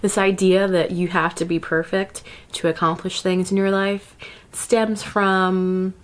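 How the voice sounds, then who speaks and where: A woman's voice: fairly low pitch, level tone, measured pace. Chatty, laughing woman vlogger. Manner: chatty, laughs often, sidetracked asides. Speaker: self-care vlogger. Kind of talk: casual advice talk to camera.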